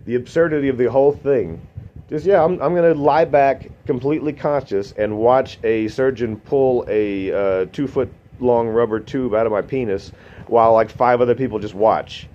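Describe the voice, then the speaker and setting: Deadpan rambling male storyteller. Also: normal speed. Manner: deadpan, rambling, swears a lot, voices others in a raised pitch. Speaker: storytelling comedian. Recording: dull lo-fi recording with faint noise.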